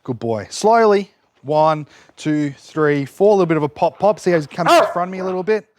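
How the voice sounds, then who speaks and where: A man's voice: fairly high pitch, fast talker, darkish tone, no echo. A man demonstrating dog training outdoors, explaining each step while giving his dog short cues and praise. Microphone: camera set up nearby.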